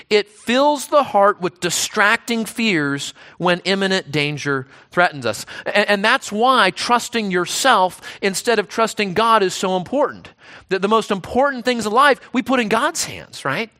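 A man's voice: high-pitched, sharp tone. A man, the pastor, preaching a sermon in a conversational way, often restarting phrases and checking in with "right?".

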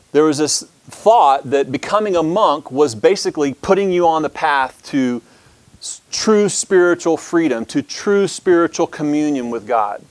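A man's voice: fairly high pitch, a little mellow, no room sound. Guy teaching a history class, lots of ums and restarts, dry sound. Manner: halting, many restarts and fillers, reads passages aloud. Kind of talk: church history lesson.

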